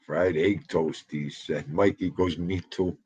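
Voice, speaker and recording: Profane, rambling livestream host. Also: male voice, low voice, fairly even intonation, a little slow, darkish tone, husky, low-quality recording. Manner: rambling, profane, joking banter. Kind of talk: casual livestream chat.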